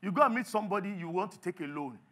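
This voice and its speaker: Animated Nigerian pastor preaching. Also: male voice, high-pitched, rapid-fire. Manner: animated, acts out little scenes in others' voices. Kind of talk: sermon. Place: church.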